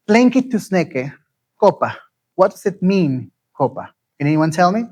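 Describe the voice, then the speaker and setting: A man giving an interactive lecture, asking the audience questions and repeating key phrases slowly. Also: a little high, big pitch swings, a little mellow, poor audio.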